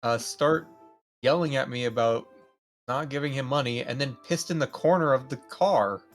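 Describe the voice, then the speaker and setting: A man's voice: mid-range voice, normal speed, faint music behind. A man playing a tabletop game, chatting and telling stories in an easygoing way. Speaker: player. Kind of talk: casual chat around a tabletop game.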